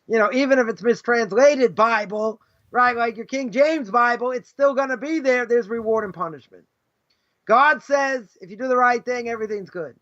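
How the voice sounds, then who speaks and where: Male rabbi lecturing a class; very high, sharp voice, chatty and rhetorical, dull lo-fi stream. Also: normal speed. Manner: conversational, keeps asking "right?"; acts out imagined speakers mid-lecture. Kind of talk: informal Torah lesson.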